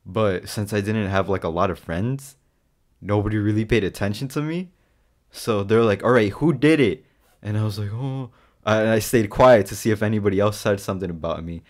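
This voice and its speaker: Low-voiced young man telling stories. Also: fairly quick. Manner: storytelling, swearing, animated quoting. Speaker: podcast co-host. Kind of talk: casual chat.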